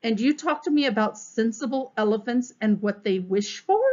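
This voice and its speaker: In a storybook read-aloud, a woman with a fairly high, slightly mellow, near-everyday voice plays an exasperated, sarcastic male police captain at normal speed. Her delivery is clipped and sarcastic, and the recording sounds dull and muffled.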